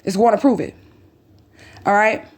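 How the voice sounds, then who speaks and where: A woman's voice: mid-range voice, moderate pace. A woman from St. Louis recording an emotional vlog. She is upset and agitated, blunt and profane, and keeps adding emphatic "okay?" asides. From St. Louis, USA. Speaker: vlogger. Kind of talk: emotional vlog recounting old messages.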